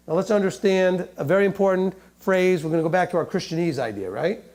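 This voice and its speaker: Man, sermon, high lively voice, animated, joking asides. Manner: animated, joking, reads scripture aloud slowly. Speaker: teacher.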